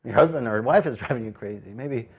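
A man preaching to his congregation in a casual, storytelling way. He pushes key points out loudly, then drops to near-private quiet asides. The recording sounds a little dull and muffled. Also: medium pitch, fast, creaky, husky. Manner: conversational preaching with sudden loud emphasis and quiet asides. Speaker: pastor. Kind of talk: sermon.

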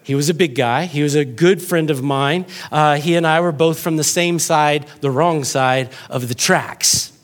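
A man's voice: on the high side, measured pace, hardly any pauses. A man from the North Texas Panhandle, preaching a sermon in a jokey, conversational way. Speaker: pastor.

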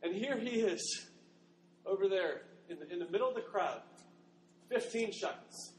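Male pastor, storytelling sermon, fairly high voice, long hall reverb, faint background hiss. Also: lively intonation, moderate pace. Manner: storytelling, dramatizing the scene.

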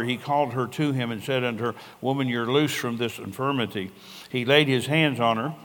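A man's voice: medium pitch, a bit bright. An older man, a pastor, preaching a sermon in an earnest, conversational way and telling stories with quoted dialogue. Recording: long reverb of a large hall.

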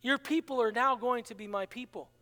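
A man's voice: extremely high pitch, brisk, sharp tone. A man preaching a sermon in a dramatic manner, acting out the quoted dialogue. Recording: long hall reverb.

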